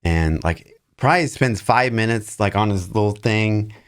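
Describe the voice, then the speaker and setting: A man's voice: lowish voice, normal speed, smooth. A man in his thirties, a podcast co-host, telling a long personal story in casual chat, acting out the lines of the people in it. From Missouri, US. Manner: animated anecdote-telling, acting out quotes with shouts.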